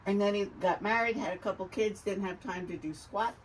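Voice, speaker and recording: A woman's voice: medium pitch, brisk, recorded from a distance, slight background noise, poor audio. An older woman chatting casually at her door, plain-spoken and matter-of-fact. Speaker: boat owner. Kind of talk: casual doorstep chat.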